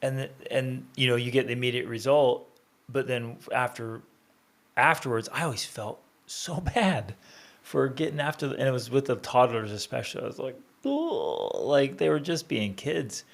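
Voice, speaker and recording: A man's voice: medium pitch, normal speed, vocal fry. A man who is a guest on a podcast, talking casually, laughing easily and telling stories with animation.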